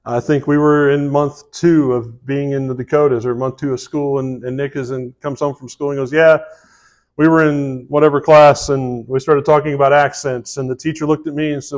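A man's voice: medium pitch, little pitch movement, moderate pace. A man preaching a sermon in a folksy, conversational way, with asides and restarts. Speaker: pastor.

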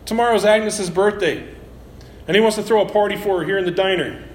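A man voicing a gruff, blunt middle-aged male diner cook. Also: high voice, quick pace, voice pushed up, close to an everyday voice. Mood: excited. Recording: roomy echo.

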